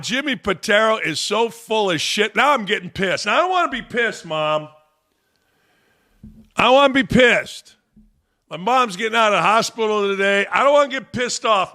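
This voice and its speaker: A man's voice: high voice, sharp tone. A man hosting a sports talk show, ranting in heated, profane commentary with mocking repetition.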